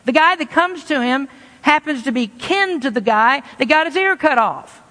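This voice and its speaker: A man's voice: very high-pitched, animated, normal speed, sharp tone. A Kentucky-born man preaches, chatting with his congregation in a folksy, plain-spoken way. His voice rings out with a long reverb from a church hall. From Kentucky, USA. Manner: folksy, conversational preaching with homespun asides. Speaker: pastor. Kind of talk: sermon.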